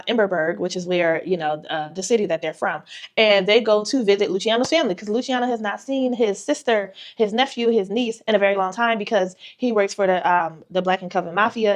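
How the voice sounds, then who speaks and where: A woman author giving a casual vlog tutorial, retelling a story animatedly with quoted voices. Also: medium pitch.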